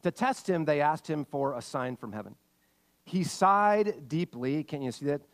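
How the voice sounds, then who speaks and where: A man preaching a sermon as pastor, reading scripture and telling a lively family story in animated bursts. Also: a little high, measured pace. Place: church sanctuary. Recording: long hall reverb.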